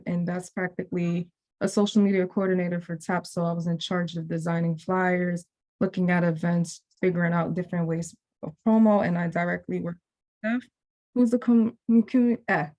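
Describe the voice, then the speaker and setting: A woman's voice: fairly low pitch, darkish tone. A young woman, a program graduate, talking casually on a video call and rambling with many fillers and restarts.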